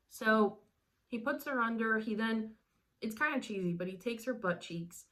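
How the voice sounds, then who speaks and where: A woman's voice: medium pitch, a bit bright. A woman hosting a movie review, retelling the plot in a casual, chatty way and acting out the characters' lines. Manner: chatty retelling, many "like" fillers, acts out lines. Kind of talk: casual spoken movie recap.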